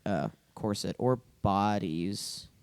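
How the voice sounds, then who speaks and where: A woman co-hosting a podcast in casual chat, excitable and laughing often as she spins theories out loud. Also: a bass voice, slow, clear, resonant tone, no echo. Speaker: podcast co-host.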